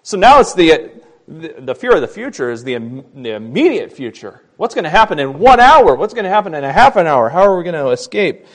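A man preaches a sermon in a voice pitched a little high for a man. He tells the story with rising volume in the dramatic parts and drops to a low, quiet delivery when he reflects. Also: sing-song, a little fast. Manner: shifts between loud emphatic storytelling and quiet, soft reflection. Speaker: pastor.

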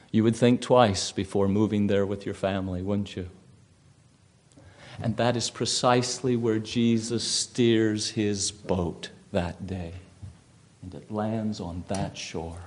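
A male preacher giving a sermon, telling a vivid story and putting questions to his listeners. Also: medium pitch.

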